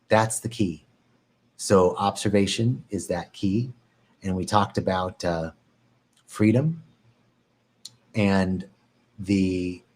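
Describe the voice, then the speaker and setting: A man speaks slowly and thoughtfully, guiding listeners through a meditation talk. He repeats phrases in a calm rhythm and sometimes jumps higher to mimic a panicked inner voice. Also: breathy edge. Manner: calm, reflective, repeats phrases, swings into animated mock panic. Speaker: meditation teacher. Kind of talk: spoken meditation talk on a live stream.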